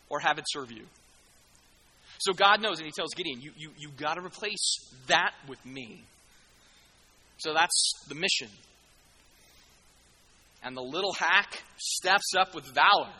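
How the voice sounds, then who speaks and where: A man preaching a sermon in an animated, jokey way, acting out the people in the story. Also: high voice, a little slow, pauses often, breathy edge, in a large hall, rough recording.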